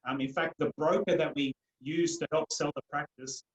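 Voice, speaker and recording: A middle-aged man with a slightly raised pitch tells his own story in an interview. He speaks earnestly and repeats phrases for emphasis. The room gives his voice a noticeable echo. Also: fairly even intonation, normal speed, dull audio. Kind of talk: personal storytelling in a podcast interview. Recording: roomy echo.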